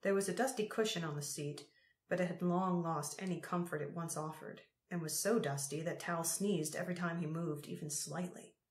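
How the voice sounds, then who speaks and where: A woman narrating an audiobook chapter in a measured, unhurried reading. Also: on the low side, fairly even intonation. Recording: roomy echo.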